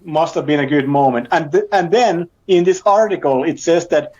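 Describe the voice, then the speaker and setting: A man with a fairly high voice tells a story in a loose, halting way. He repeats words and laughs between phrases. The sound is dull and lo-fi. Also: a little mellow. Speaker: podcast co-host. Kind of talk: casual storytelling chat.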